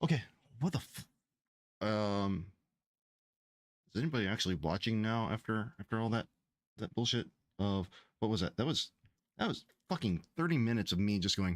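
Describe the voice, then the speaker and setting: A man's voice: fairly low pitch, animated, normal speed, pauses often, no room sound, clean studio sound. Rambling, profane male streamer. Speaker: game developer streamer. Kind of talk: casual livestream chat.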